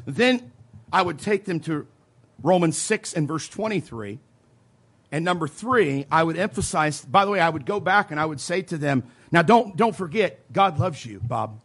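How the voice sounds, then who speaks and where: A man preaching a teaching sermon, emphatic, slowing down to stress scripture phrases, with folksy asides. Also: fairly high pitch, fairly bright tone. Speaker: preacher teaching soul-winning. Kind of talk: sermon teaching with role-played witnessing.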